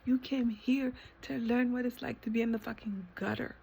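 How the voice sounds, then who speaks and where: A woman vlogger delivers an impassioned, emotional monologue to herself, repeating lines, swearing, sometimes sinking to a whisper, and stumbling into halting restarts when feelings run high. Her voice is fairly high, steady, gravelly and dark, with a faint hiss or hum.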